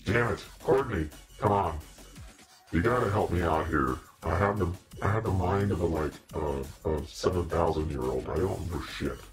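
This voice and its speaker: A man's voice: low voice, moderate pace, soft background music. A man in a casual live-stream chat with viewers, playful and mock-preachy, laughing often. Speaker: costumed demon-character livestreamer.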